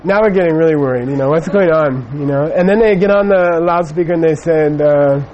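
A man's voice: a little high, fast, dull audio, slight background noise. A middle-aged man giving a Buddhist teaching, telling a personal story in a rambling way with many fillers. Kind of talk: dharma talk with personal anecdote.

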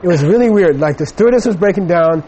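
A man's voice: sits high, lively intonation, quick pace, mellow, husky, muffled recording. A middle-aged man giving a Buddhist teaching, telling a personal story in a rambling way with many fillers. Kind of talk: dharma talk with personal anecdote.

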